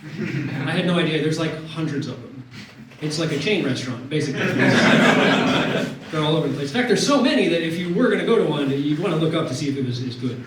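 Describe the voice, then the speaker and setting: A man performing a stand-up set on a club stage, deadpan, with many fillers and quick put-on voices. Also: a little high. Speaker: stand-up comedian. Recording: distant echoey club recording with loud noise. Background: audience laughter.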